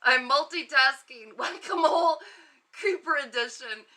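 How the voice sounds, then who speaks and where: A woman's voice: high voice, unhurried, bright, forceful tone. A woman hosting a casual livestream, laughing often as she reads out viewer comments. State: muffled inside an inflatable costume at times. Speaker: psychic livestream host.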